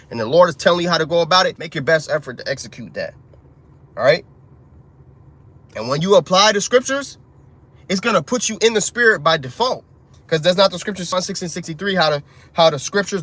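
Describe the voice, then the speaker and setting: Male street preacher, slightly high-pitched voice, loose and profane, slows down to read verses. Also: a bit bright. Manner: street-casual preaching, calls listeners "man", profane asides; reads scripture slowly and deliberately. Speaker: religious teacher. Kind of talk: informal spiritual teaching.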